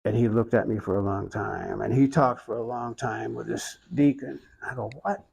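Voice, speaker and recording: An older man with an Oklahoma accent, an interviewee who tells his story slowly and reflectively, with many pauses. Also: mid-range voice, vocal fry, a little mellow, husky, poor audio. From Oklahoma, USA. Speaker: interviewee, iconographer.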